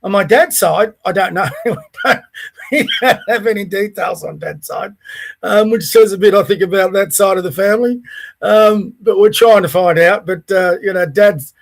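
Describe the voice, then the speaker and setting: A man's voice: high-pitched, moderate pace, vocal fry. A middle-aged Australian man giving a blunt, coarse, opinionated solo rant as a podcast host. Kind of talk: ranting solo commentary.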